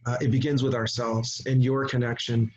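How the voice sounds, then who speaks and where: Unhurried middle-aged man telling a story. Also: mid-range voice, level tone, darkish tone, muffled recording, a little hiss or hum. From Canada. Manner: unhurried, with frequent pauses and restarts. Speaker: Indigenous chief and conference speaker. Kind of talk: storytelling presentation. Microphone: video call.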